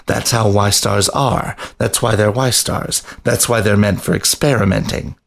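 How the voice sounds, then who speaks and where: A man's voice: on the low side, fairly even intonation, a little slow, gravelly, fairly bright tone, exaggerated voice. A man voicing a cocky, bossy male panther in a storybook reading, speaking in a blunt, matter-of-fact way.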